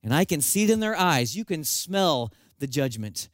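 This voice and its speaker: Male preacher, pretty high voice, swoops up and down telling stories, dry sound. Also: moderate pace, no echo. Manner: animated storytelling, self-mocking humor. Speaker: pastor. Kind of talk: sermon.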